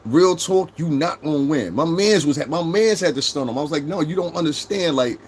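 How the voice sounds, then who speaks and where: A man's voice: on the high side, animated, a little fast, slight background noise. A man with a New York accent in his thirties, hosting a casual livestream, brash and profane as he talks straight to his chat. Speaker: livestream host.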